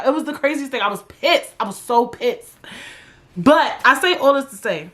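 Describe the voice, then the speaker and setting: A young woman from New York hosting a podcast, telling a story in an animated, profane, slangy way. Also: fairly high pitch, a little slow, long pauses. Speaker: podcast host. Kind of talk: casual storytelling monologue.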